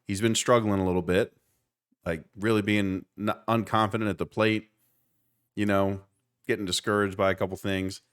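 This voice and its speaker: Low-voiced coach guy cohosting a podcast, animated and jokey. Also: normal speed, clean tone. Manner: animated, joking storyteller. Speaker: podcast co-host; youth baseball coach. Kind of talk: casual chat.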